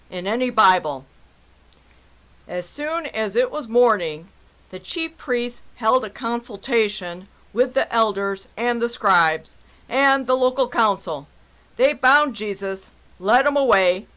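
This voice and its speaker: A woman reading scripture as a mock news report, in a measured, deliberate way. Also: on the high side, fairly bright tone, low-quality recording. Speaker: mock newscaster and scripture reader.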